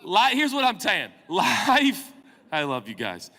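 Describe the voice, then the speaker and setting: Pastor, male, 40s, bright lively storyteller, comic and self-mocking, big reverberant hall. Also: high-pitched, slow pace, gravelly. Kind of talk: storytelling sermon.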